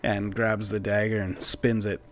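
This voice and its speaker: Slow laid-back male game master. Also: lowish voice, little pitch movement, a little hiss or hum. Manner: laid-back, filler-heavy narration. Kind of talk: narrating a tabletop game.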